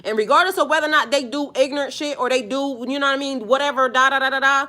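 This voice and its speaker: Heated, profane woman spiritual coach ranting to camera; bright, slightly high voice. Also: fast talker, few pauses. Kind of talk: ranting vlog monologue.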